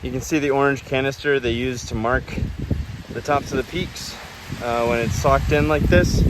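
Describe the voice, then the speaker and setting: A man vlogging a hike on a rainy mountain trail, giving relaxed, practical trail tips while out of breath. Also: medium pitch, moderate pace, background noise. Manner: relaxed, practical, self-deprecating. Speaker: hiking vlogger. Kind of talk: casual trail commentary. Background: light rain.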